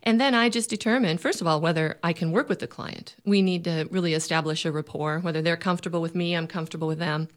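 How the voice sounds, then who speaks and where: Calm woman hypnotherapist guest. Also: on the low side, quick pace, hardly any pauses. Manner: calm, explanatory, polite. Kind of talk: radio interview answers.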